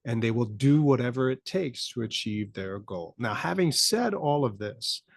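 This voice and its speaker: A man's voice: mid-range voice, animated, moderate pace, creaky, dry recording. Dry-voiced man ranting with wry laughs. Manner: rambling, laughs in disbelief, rising to incredulous peaks. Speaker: podcast host. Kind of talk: casual political commentary.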